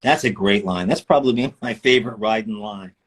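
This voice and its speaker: Husky-voiced man chatting with fans. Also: on the low side, fairly quick. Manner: playful, joking, chatty. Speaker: voice actor signing autographs for fans. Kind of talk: casual livestream chat. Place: indoor room.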